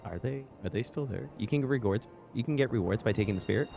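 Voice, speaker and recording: Playful low-voiced man chatting on stream. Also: fast, creaky, warm tone, faint music behind. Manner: rambling, playful, reads out chat. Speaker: livestream guest streamer. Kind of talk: casual livestream chat.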